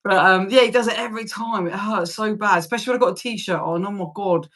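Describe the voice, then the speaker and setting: A woman's voice: mid-range voice, fast, a bit bright. A British woman in her forties is hosting a loose livestream chat. She talks in a chatty, unpolished way, laughs easily and swears without thinking about it. Her voice sits in an ordinary mid range for a woman. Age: 40s. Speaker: livestream host.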